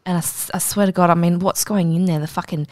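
A woman trades crude, fast jokes in a casual chat. Her voice sits a little low and the sound is dry and close. She swears freely and riffs off her co-host. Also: steady tone, a little mellow, no room sound. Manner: crude, quick comic banter, swears freely.

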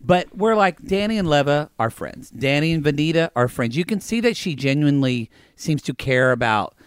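A man's voice: a little high, normal speed, smooth, no room sound, studio quality. A man co-hosting a reality TV recap podcast, chatting casually and acting out scenes with profanity. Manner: animated, profane, acts out lines. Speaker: podcast co-host.

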